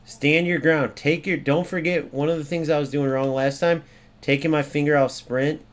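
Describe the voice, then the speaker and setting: Young American man, gameplay commentary, swears a lot, excitable, sudden loud outbursts. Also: on the high side, moderate pace. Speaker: gaming YouTuber.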